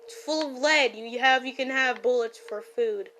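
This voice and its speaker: High-pitched woman yelling at a game. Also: moderate pace, slight background noise. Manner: yelling playfully at game characters. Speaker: gamer. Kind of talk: silly gameplay commentary.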